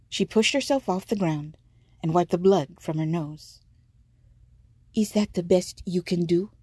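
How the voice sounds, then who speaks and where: A woman reading a story aloud in a measured, vivid narrating manner. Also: on the low side, dark tone, dry recording. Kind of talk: scripted audiobook narration.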